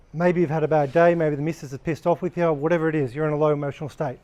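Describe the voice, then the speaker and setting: A man's voice: on the high side, darkish tone. A man giving a casual training talk to a live group of workers, blunt and conversational, swearing freely as he explains. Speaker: workplace trainer.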